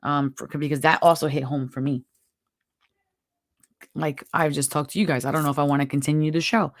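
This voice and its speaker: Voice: medium pitch, steady tone, a little fast, dry recording. A tarot reader hosting a live stream, giving chatty, encouraging spiritual advice with a strained, worn-out throat. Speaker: tarot reader and show host.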